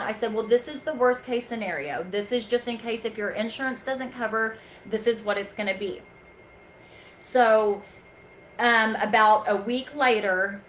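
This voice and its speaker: A woman calmly telling a staff-training story from a chiropractic front desk, patient and talkative. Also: fairly high pitch, a little hiss or hum, poor audio. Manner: calm, patient, storytelling with quoted dialogue. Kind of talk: casual staff training talk.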